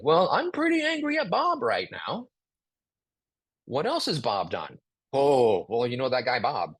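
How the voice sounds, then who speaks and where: A husky-voiced man leads a live online writing class and reads his example sentences aloud with feeling. His pitch swings widely as he talks. The sound is close and dry, with no room around it. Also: a bit bright, no room sound. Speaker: writing instructor.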